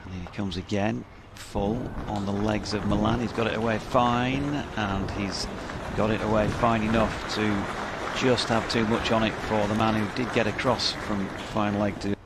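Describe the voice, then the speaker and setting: A man commentating ball by ball on cricket in a steady, measured way, livening up when a wicket falls. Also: fairly low pitch. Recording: loud crowd and outdoor noise behind.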